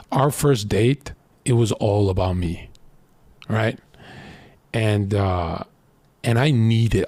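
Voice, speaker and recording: A man's voice: fairly low pitch, a little mellow, no echo. Man, late twenties, brash and crude, rambling boastful streamer monologue, dry close sound. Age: late 20s. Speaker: streamer giving dating advice. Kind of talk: casual monologue.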